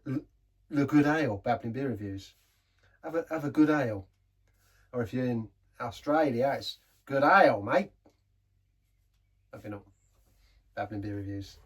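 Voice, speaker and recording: Rambling, husky English beer reviewer. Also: male voice, medium pitch, dark tone. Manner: rambling, self-mocking, repeats words, laughs often. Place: pub.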